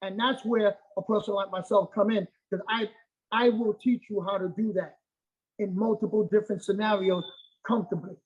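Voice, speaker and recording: A middle-aged martial arts master talks as a guest in a casual interview, stressing and repeating his points and frequently asking "okay?" His voice is high, steady, darkish and a bit rough, at normal speed, with lo-fi audio.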